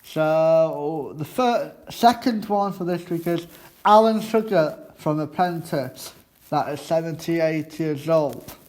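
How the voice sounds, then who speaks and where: A man hosts a student radio show at a slow, easy pace. His voice sits fairly high, and he rambles through his notes and throws questions to classmates in the studio. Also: darkish tone. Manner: halting, chatty, quizzes classmates in the studio. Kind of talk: casual radio chat.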